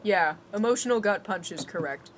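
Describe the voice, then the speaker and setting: A woman's voice: mid-range voice, lively intonation, normal speed, a crowd in the background. A woman co-hosting a game stream, chatting casually, laughing often and swearing freely. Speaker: co-host. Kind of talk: casual gameplay stream chat.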